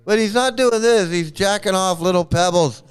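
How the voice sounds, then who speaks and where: Brief: male streamer, slightly high, very smooth voice; scornful, swears, laughs a lot. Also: normal speed. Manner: mocking, profane, laughs often. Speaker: online streamer criticizing a cult. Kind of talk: casual reaction livestream.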